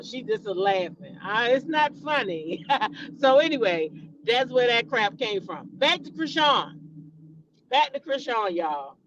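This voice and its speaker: A woman's voice: mid-range voice, expressive, a little slow, fairly bright tone, dull audio, a little hiss or hum. A woman hosting a celebrity gossip show, chatting casually and animatedly to her viewers and calling them y'all.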